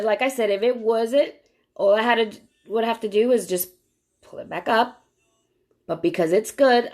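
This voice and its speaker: A woman selling nail polish strips, walking viewers step by step through applying them on a live stream and greeting them by name as she goes. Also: mid-range voice. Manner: chatty, walks viewers through each step. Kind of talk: live-stream product demo.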